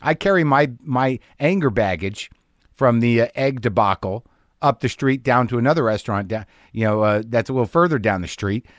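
A man's voice: mid-range voice, moderate pace, no room sound, clean studio sound. A middle-aged man hosting a podcast from his home garage, delivering a casual comic monologue in a wry, self-deprecating, ranting way. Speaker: podcast host.

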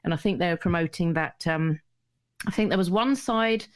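A woman's voice: on the low side, normal speed. A middle-aged woman, a radio DJ telling stories in a casual, rambling chat full of restarts and laughter. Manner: rambling and chatty, many restarts, laughs easily. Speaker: radio DJ, guest.

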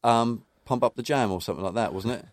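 A man's voice: mid-range voice, brisk, dry recording, studio quality. A man co-hosting a casual football podcast, reading from notes and recounting old match details. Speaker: podcast co-host.

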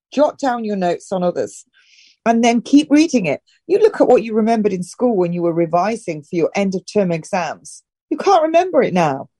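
A middle-aged woman from northern England talks as an interview guest, handing out brisk, direct instructions. Her voice is warm and mellow. It is recorded close and dry. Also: medium pitch, no echo. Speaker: health and wellness guest. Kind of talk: casual advice-giving interview talk.

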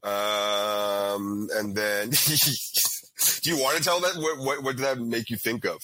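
A young man in casual chat, telling profane, animated stories full of fillers as a podcast co-host. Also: on the low side, slow pace, no room sound, poor audio.

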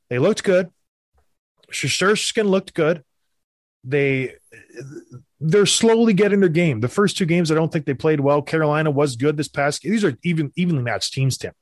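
A man's voice: a little high, no room sound, studio quality. Opinionated man ranting about hockey. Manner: animated, opinionated, fast rants. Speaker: podcast host, former hockey player. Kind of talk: casual sports chat.

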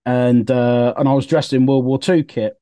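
A man's voice: medium pitch, steady tone, normal speed, dark tone, no echo. A young man telling a story in casual podcast chat, rambling with many fillers and restarts. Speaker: podcast co-host.

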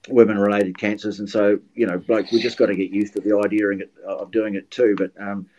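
An older New Zealand man appears as a guest commentator on a podcast, telling anecdotes in casual chat and frequently restarting his sentences. His voice is lowish, level, and mellow, he speaks a bit fast, and the highs are cut off.

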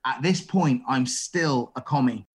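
A middle-aged man, a chef, telling stories in a casual interview, animated and full of restarts. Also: mid-range voice, unhurried, husky. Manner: animated, acts out quoted dialogue, frequent restarts. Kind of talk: casual storytelling.

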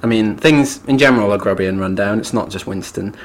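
A man's voice: fairly low pitch, fairly quick. A British man co-hosting a podcast, chatting casually about a book in a wry way and often ending remarks with tag questions. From Britain. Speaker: podcast co-host.

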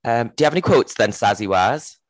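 A man's voice: mid-range voice, lively intonation, brisk, no echo. A man co-hosting a casual book podcast, talking earnestly with many fillers like "like". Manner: earnest, lots of "like", occasional swearing. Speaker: podcast co-host.

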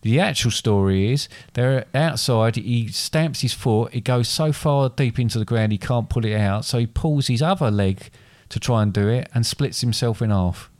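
A man's voice: medium pitch, moderate pace, hardly any pauses, a little mellow, no echo. Rambling man retelling a story. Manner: rambling, self-correcting storyteller. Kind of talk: casual chat retelling fairy tales.

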